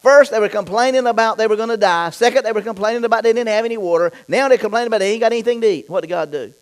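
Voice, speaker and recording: A male pastor preaching a sermon, reading scripture and then talking straight to the congregation, dropping low for asides and getting loud and fired up in other stretches. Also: racing, low-quality recording. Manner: reads scripture aloud and talks straight to the congregation.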